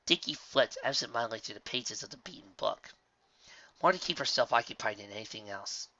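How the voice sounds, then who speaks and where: A man narrating a fan fiction audiobook with expressive storytelling. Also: medium pitch, a little fast, lo-fi sound, slight background noise. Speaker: reader.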